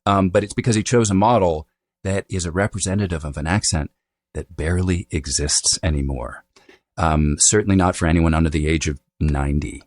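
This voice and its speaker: A man's voice: sits low, fairly quick, a little mellow, dry recording. A middle-aged man, a dialect coach, explaining accents in an interview, demonstrating vowel sounds and checking in with "right?" as he goes.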